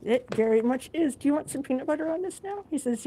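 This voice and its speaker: A woman's voice: high-pitched, expressive, fast talker, dark tone. A woman live streaming from her living room, chatting casually, reading viewer comments and talking to her dog. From Alaska. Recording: noisy home recording.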